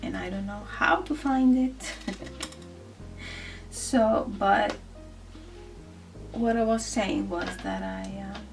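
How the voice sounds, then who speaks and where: Soft-spoken woman rambling self-consciously. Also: mid-range voice, slow, gravelly, pauses often. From grew up in the Netherlands from age thirteen. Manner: self-deprecating, rambling, laughs often. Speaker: art vlogger. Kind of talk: casual chat while coloring. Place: indoors at a desk. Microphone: camera overhead, some distance away. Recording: distant camera mic with music behind. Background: soft background music.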